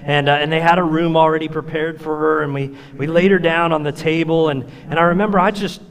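A man preaching a sermon with a fairly high-pitched voice, his words ringing out in a hall with a long reverb. He tells stories from his own life in an easy, conversational way and sinks to a hushed whisper for the gentle parts. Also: fairly even intonation, brisk. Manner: personal storytelling, drops to a soft whisper at tender moments. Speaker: pastor.

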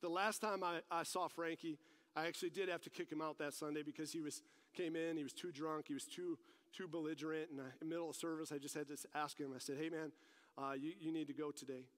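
A man's voice: a little high, fairly even intonation, fast talker, fairly bright tone. A male pastor delivering a sermon that mixes teaching with personal stories, talking animatedly and pressing his points with rising emphasis. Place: church service. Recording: long reverb of a large hall.

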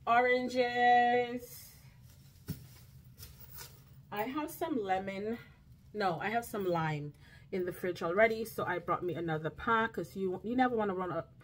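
A woman's voice: mid-range voice, slight background noise. Chatty woman vlogger. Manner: chatty, drawn-out phrases, asks "okay?" often. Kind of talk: casual grocery haul chat. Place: home, indoors.

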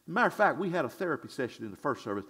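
A male pastor preaching a sermon in a church, swinging from shouted declarations to hushed asides in a folksy, conversational way. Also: a little high, big pitch swings, slightly rough. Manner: conversational, drawn-out and folksy, with audience call-and-response.

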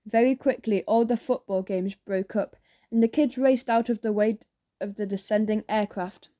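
A woman narrating a children's audiobook in a lively storytelling manner. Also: mid-range voice, moderate pace. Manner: lively storytelling with character voices.

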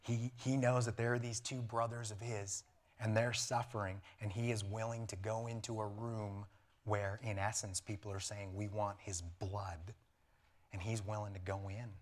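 A pastor preaching a lively sermon in church, animated and laughing, often acting out voices. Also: male voice, fairly low pitch, moderate pace.

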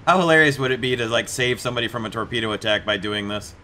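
A man's voice: mid-range voice, quick pace, bright, forceful tone, slight background noise. A man giving casual, amused commentary while playing a naval game, now and then putting on joking accents. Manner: chatty, amused, puts on mock accents for jokes. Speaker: gameplay video host.

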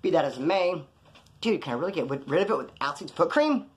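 A man's voice: fairly high pitch, lively intonation, a little fast. A man from California telling jail stories in a casual, profane, rambling way, acting out other people's lines as he goes. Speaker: storyteller recounting jail time. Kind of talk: casual storytelling.

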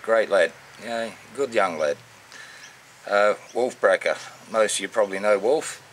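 A man with an Australian accent giving casual, unscripted shout-outs in a matey, rambling way full of slang. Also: fairly low pitch, a little slow, a little hiss or hum. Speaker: vlogger.

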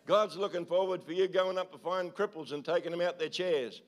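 Preaching at a church service, a man exhorts his congregation fairly quickly, his voice pitched high. He leans on repeated calls and tag questions throughout the sermon.

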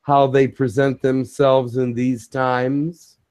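A man delivers a channeled message in a measured, solemn manner. He takes his time over each phrase. His pitch sits in the middle of the range. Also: level tone, a little mellow.

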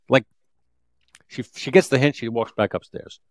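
In a clean studio recording with no room sound, a man in his fifties, once a police detective, recounts a street story for an interview. His mid-range voice keeps a moderate pace, broken by long pauses and vivid, repetitive restarts.

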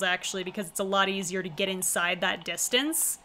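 A woman's voice: mid-range voice, normal speed, hardly any pauses, a bit bright. A woman streamer reading a visual novel aloud, with wry, chatty asides in between. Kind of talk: casual reading with commentary.

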